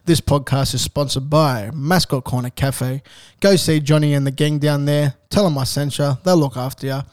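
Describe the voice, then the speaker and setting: Aussie male podcast host, laughs often, smooth clear voice. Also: on the high side, steady tone, moderate pace, a little mellow, no echo, clean studio sound. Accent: Australian. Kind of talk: casual chat.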